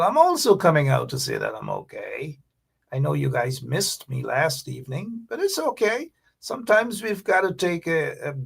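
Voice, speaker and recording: A man hosting a casual livestream talk show, chatty and animated, sometimes dropping to a whisper for asides. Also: a little high, gravelly, husky.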